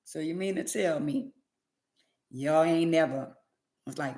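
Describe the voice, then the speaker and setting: A woman's voice: deep voice, steady tone, normal speed, gravelly. Blunt, sassy woman ranting to viewers. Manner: blunt, sassy, preachy, swings loud and quiet. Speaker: livestream host. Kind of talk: casual livestream rant to viewers.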